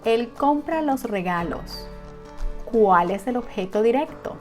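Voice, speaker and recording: Slow, careful teacher woman. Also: fairly high pitch, lively intonation, faint music behind. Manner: slow, careful model sentences with questions to the viewer. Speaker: Spanish teacher. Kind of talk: language lesson.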